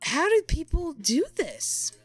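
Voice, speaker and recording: Woman streamer, lively and exasperated, dry close mic. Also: sits high, slow, dry recording, faint music behind. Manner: exasperated, thinking aloud, answering chat. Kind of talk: casual live-stream chat while playing.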